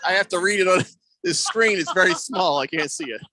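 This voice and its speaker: A man's voice: high voice, a little fast, sharp tone, no echo. A man hosting a radio sports show, rambling and joking about himself in casual talk. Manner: rambling, joking, self-mocking. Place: radio studio.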